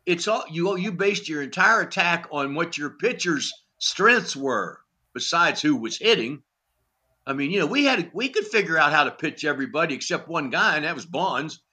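His voice sits on the high side with a breathy edge and a normal pace: an older former pitching coach sharing salty, blunt stories as a guest in a podcast interview. He acts out every exchange with animation and frequent "you know" fillers.

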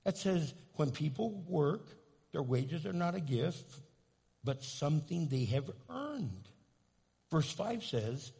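A man's voice: on the high side, sing-song, slow pace, creaky, dark tone, slightly rough. A man preaching as pastor, talking plainly to the congregation and rising into fervent calls to pray. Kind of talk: sermon. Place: church sanctuary. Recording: long reverb in a large sanctuary.

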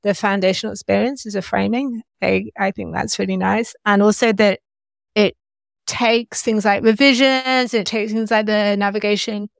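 A woman speaking as a panelist on a podcast, thoughtful and measured in casual tech chat. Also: mid-range voice, steady tone, vocal fry, no echo, clean studio sound.

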